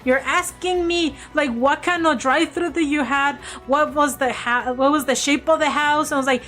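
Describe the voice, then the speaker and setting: A woman vlogger casually telling an animated story and laughing often. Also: high voice, moderate pace, hardly any pauses, soft background music.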